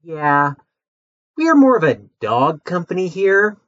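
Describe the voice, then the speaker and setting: A man's voice: sits high, no echo, dull audio, full character voice. Man playing a curt, condescending interviewer. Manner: brisk, condescending, deadpan. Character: rude corporate interviewer. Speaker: job interviewer. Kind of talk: comedy sketch.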